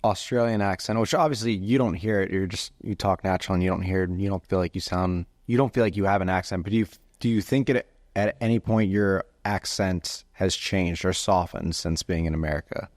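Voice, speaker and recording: Deep-voiced man asking long, measured questions. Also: no echo, studio quality. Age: adult. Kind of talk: interview questions.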